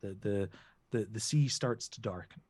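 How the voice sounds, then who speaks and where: A man's voice: fairly low pitch, normal speed, a little mellow. A man narrating as game master in a playful way, often stammering and restarting his sentences.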